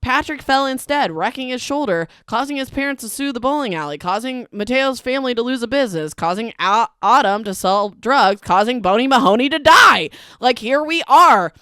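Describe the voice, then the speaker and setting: A woman's voice: a little high, animated, normal speed, few pauses, a bit bright, clear, resonant tone, dry recording, studio quality. A woman hosting a casual book recap podcast, talking in a chatty, emphatic way and filling her speech with "like". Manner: chatty and emphatic, heavy use of "like". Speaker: podcast host.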